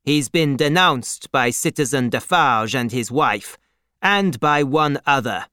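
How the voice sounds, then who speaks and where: A man reading a story and voicing a blunt, commanding male guard who speaks louder and a little higher than the narration. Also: lively intonation, slow, clear, resonant tone, no room sound, clean studio sound. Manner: curt and commanding. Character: rough revolutionary male guard, blunt and firm.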